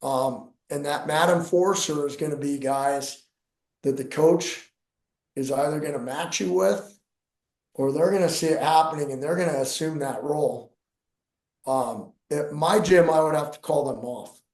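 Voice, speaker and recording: A man's voice: a little high, a little slow, echoey room. A middle-aged man, a jiu-jitsu coach and podcast co-host, telling stories in casual talk and acting out what people said. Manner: animated, acts out dialogue in his stories. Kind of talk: casual storytelling.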